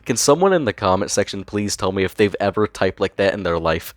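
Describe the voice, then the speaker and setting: Deep-voiced sarcastic young male commentator. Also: expressive, a little fast, no room sound, clean studio sound, faint music behind. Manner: incredulous, sarcastic, swears freely. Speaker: online commentator. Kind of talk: commentary narration.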